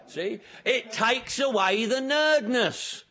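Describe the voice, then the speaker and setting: A man's voice: very high voice, slow. A man speaking at a recovery meeting, telling his own story with humor and acting out the dialogue. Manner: lively storyteller who acts out dialogue and jokes about himself. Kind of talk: humorous personal testimony to an audience.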